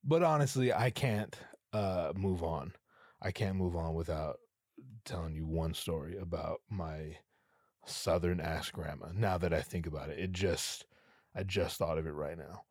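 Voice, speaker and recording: A man's voice: low-pitched, a little slow, husky, dry recording, clean studio sound. A man hosting a podcast alone, telling stories in a rambling, profane, casual way. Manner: rambling, profane, animated storytelling. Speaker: podcast host. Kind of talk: casual monologue.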